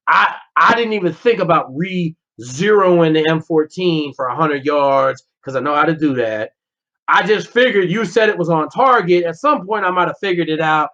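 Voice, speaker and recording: A man's voice: high voice, moderate pace, pushed and bright. A man, a former Navy SEAL, telling a story as a podcast guest in a blunt, profane way, acting out the dialogue. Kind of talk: casual storytelling interview. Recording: slightly dull lo-fi podcast audio.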